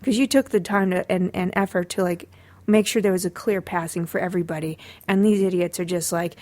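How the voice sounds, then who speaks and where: A woman's voice: fairly low pitch, steady tone, a little fast, a little mellow. A woman hosting a dog training podcast, talking casually with sarcastic asides and frequent fillers. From Los Angeles area.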